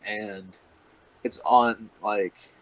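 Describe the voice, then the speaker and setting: A man's voice: on the low side, fairly even intonation, extremely slow, a bit bright, no room sound, poor audio. A man, a wrestler, telling a rambling, profane story in casual chat and laughing often. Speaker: professional wrestler guest.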